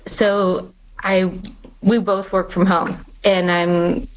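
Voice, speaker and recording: A woman's voice: medium pitch, flat delivery, rough recording. A woman guest on a podcast, candidly telling her personal faith story with many fillers. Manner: candid, quick, filler-heavy.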